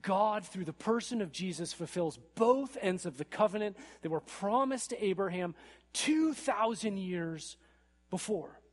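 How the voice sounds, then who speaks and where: A man preaching a sermon in an animated way, building to emphatic peaks and often checking in with "right?". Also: sits high, unhurried.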